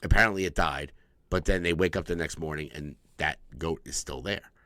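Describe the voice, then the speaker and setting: Deep voiced guy on a podcast, swears a lot, acts out the movie lines, dry close mic. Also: fairly quick, no room sound. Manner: profane, animated movie recapping with acted-out quotes. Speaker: podcast co-host. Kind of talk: casual chat.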